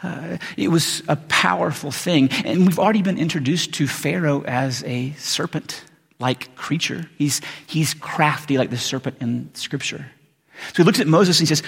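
A man's voice: on the high side, brisk, vocal fry, husky. A man preaching in a casual, conversational way, often saying "like" and "right?", heard with long hall reverb in a church sanctuary. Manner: conversational, frequent "like" and "right?", restarts. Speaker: pastor. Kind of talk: sermon.

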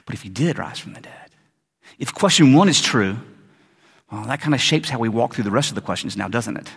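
A man preaching a sermon as pastor, in an animated, conversational way full of asides. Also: medium pitch, brisk, creaky, slightly rough. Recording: long reverb of a large hall.

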